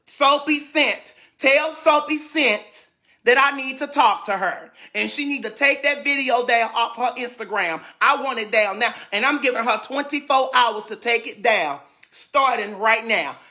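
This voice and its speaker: A man's voice: very high voice, normal speed, sharp tone. A man from St. Louis ranting dramatically on a livestream, sassy and repetitive, often stumbling over his words. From St. Louis, USA. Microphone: phone.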